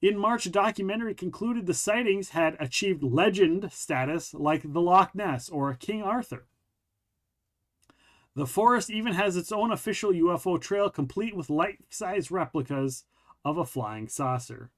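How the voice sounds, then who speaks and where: Male podcast host, a bit high-pitched, casual reader who stumbles and restarts sentences. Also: expressive, normal speed. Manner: stumbles and rereads while reading aloud. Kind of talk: casual chat and reading a news article aloud.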